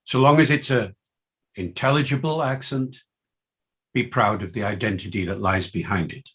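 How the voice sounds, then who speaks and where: A man's voice: normal speed, slightly rough. An older man with a mixed Welsh and Liverpool accent, giving a university lecture with enthusiastic, swinging emphasis. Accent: Welsh and Liverpool mix. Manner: enthusiastic, lively pitch swings.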